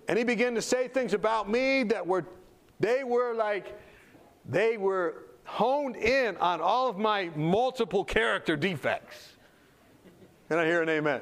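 Animated storytelling preacher, lively pitch. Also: male voice, measured pace. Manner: animated, acts out dialogue. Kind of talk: sermon storytelling.

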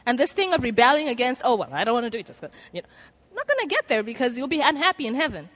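A woman with a fairly high voice delivers a sermon in an earnest, conversational way. She slips into quoted inner voices as she presses her appeal to the listeners. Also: big pitch swings, racing, a bit bright. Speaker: preacher. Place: lecture room before an audience.

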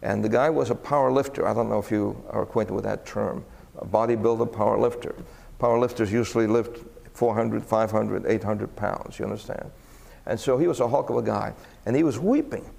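A man's voice: fairly low pitch, a little fast, vocal fry, husky, long reverb tail. A man preaching a sermon and telling stories, his voice climbing sharply when he acts out the people in them. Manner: animated, voice rising for quoted exclamations. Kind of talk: sermon storytelling.

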